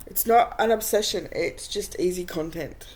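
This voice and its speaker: A woman talks over footage of a livestream, picking it apart in a blunt, mocking tone. Her remarks come out flat and sarcastic. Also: fairly low pitch, moderate pace, low-quality recording. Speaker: reaction commentator. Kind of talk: sarcastic commentary over a stream.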